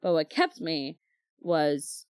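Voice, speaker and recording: A woman's voice: deep voice, lively intonation, takes it slowly, clean tone, dry recording, clean studio sound. A woman co-hosting a book club podcast, telling stories in casual chat with lots of fillers and acted-out quotes. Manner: chatty storyteller, many fillers, acts out quoted dialogue.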